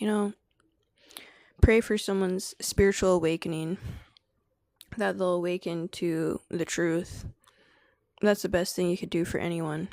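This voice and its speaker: A woman's voice: fairly low pitch, creaky, no room sound. A woman hosting a casual live stream, slangy and laughing often as she answers chat and drifts into spiritual preaching. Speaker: livestream host.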